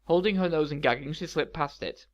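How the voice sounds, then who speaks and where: A man reads a fantasy story aloud at an even, measured pace. His voice sits a bit higher than most men's, and he carries the narration with calm, steady control. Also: muffled recording. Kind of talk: audiobook reading of fan fiction.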